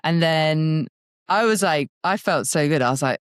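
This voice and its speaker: A woman's voice: low voice, normal speed, no room sound, studio quality. A young woman co-hosting a podcast, telling a race story in a chatty, laughing way full of "like". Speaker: podcast co-host, cyclist. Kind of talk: casual chat.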